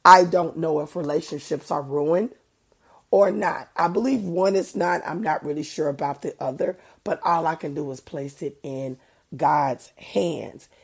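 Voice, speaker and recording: Her low, gravelly voice carries a breathy edge as a middle-aged woman talks through her faith podcast a little slowly. Allergies make her sound somewhat congested, and she speaks with sincere, conversational warmth and preacher-style emphasis.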